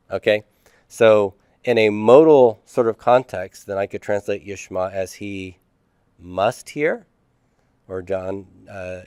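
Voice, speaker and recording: A man's voice: medium pitch, clear, resonant tone, no room sound, clean studio sound. A middle-aged man teaching a class, explaining step by step and asking and answering his own questions. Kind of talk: classroom lecture.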